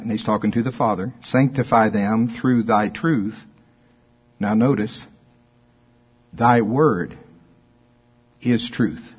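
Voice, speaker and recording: A middle-aged man preaching a sermon as pastor, getting excited and laughing, slowing down to read scripture. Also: mid-range voice, slightly rough. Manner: excitable, laughs often, reads scripture slowly. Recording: dull lo-fi recording.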